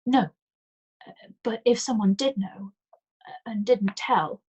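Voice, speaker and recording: A woman voicing an anxious, frightened grown woman who hesitates and falters, her voice turning shrill. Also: slow pace, darkish tone, slightly rough, dull audio. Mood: faltering.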